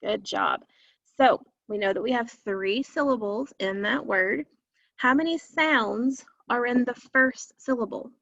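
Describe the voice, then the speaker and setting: A woman's voice: fairly high pitch, creaky, a bit bright, no room sound. A woman teacher giving an online phonics lesson, patient and stretching out words for young learners. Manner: slow, patient, drawn-out words. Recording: dull, lo-fi and dry.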